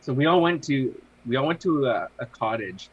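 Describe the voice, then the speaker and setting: A man's voice: medium pitch, expressive, normal speed, dull audio. Young male co-host, loose and rambling delivery, light background hiss. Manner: rambling, filler-heavy, laughs mid-story. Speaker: podcast co-host. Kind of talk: casual podcast chat.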